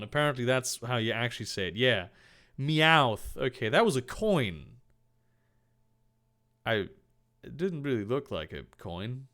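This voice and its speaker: A man's voice: mid-range voice, measured pace, long pauses. Sarcastic young man reading fanfiction aloud. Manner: sarcastic, deadpan asides, swearing. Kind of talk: comedic reading with commentary.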